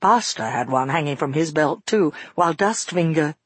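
A man voicing a father who tells his daughter a frightening past event in a measured, earnest first-person telling. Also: on the high side, animated, a bit bright, breathy edge, no echo. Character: grown father recounting a frightening past, shaken. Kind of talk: audiobook narration.

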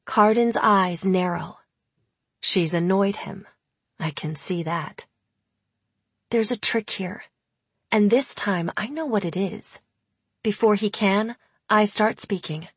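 A woman narrating a first-person audiobook in a measured, intimate manner. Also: medium pitch, husky, no room sound.

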